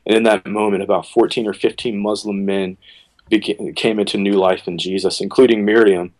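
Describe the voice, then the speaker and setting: A man with a fairly low voice tells a long story at an easy, conversational pace. He slips into quick bursts of acted-out speech and otherwise keeps a casual, friendly flow. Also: poor audio. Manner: relaxed storyteller, acts out quotes with sudden pitch jumps. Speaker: worship leader, podcast guest.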